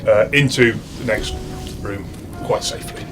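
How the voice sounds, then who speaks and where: A British man narrating as dungeon master in a casual, halting way, with frequent restarts and fillers. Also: lowish voice, music in the background. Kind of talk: narrating a tabletop game.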